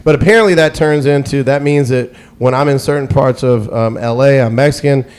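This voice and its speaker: A man's voice: medium pitch, a little fast, darkish tone, smooth. A man, a radio DJ guest, telling stories in a loose, rambling way on a casual podcast, full of fillers and restarts that liven up as the anecdotes pick up.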